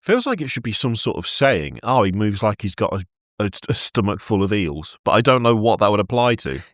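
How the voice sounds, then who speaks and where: A man's voice: lowish voice, very animated, brisk, no room sound, studio quality. A man co-hosting a podcast, reading out a lore summary and breaking into laughter between passages. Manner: laughs easily between narration. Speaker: podcast co-host.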